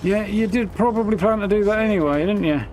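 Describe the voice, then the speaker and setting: A man's voice: high-pitched, quick pace, a little mellow, faint music behind. A man giving casual, wry commentary while live-streaming a video game. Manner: wry, chatty, self-mocking.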